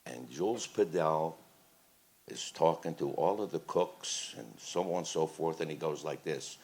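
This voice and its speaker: A man in his seventies, a guest at a live Q&A, telling animated anecdotes and laughing as he goes. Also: extremely low pitch, unhurried. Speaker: interview guest, singer. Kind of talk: live Q&A storytelling. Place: event room on a cruise ship.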